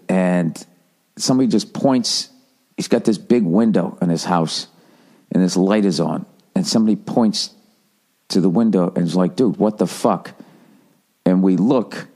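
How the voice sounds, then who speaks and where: A man's voice: sits low, darkish tone. A middle-aged American man with an American accent, ranting in a profane, rambling, self-mocking comedic monologue as a podcast host.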